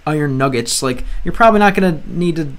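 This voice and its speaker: Man with a high voice, casual gameplay commentary, chatty, restarts often, close mic at home. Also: animated, quick pace, background noise. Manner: chatty, restarts often, reads game lines aloud and translates. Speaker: language-learning gaming creator.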